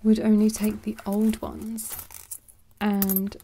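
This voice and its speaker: A woman chatting in a soft, rambling way for ASMR, moving between quiet speech and whispers and making jokes. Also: mid-range voice, completely flat delivery, takes it slowly, slight background noise. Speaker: ASMR creator.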